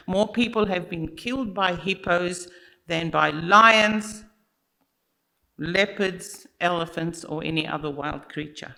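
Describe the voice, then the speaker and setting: A speaker telling a story at a church service, in an unhurried, expressive way and talking straight to the listeners. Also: medium pitch, creaky, poor audio. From Australia. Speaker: children's story teller at church.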